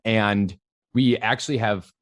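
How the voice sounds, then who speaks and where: With a voice on the low side and an unhurried pace, a Western Massachusetts actor in his thirties sits as a guest for a casual interview. He talks animatedly, full of fillers and quick laughter, on a recording with no room sound.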